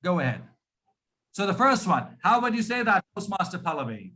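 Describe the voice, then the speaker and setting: A man with a notably high, bright voice coaches pronunciation on a video call. He slows down and drags out each demonstration word, patient and deliberate, breaking syllables apart for the learner. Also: very animated, low-quality recording. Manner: slow, drawn-out demonstration of words, patient. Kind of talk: online speaking lesson.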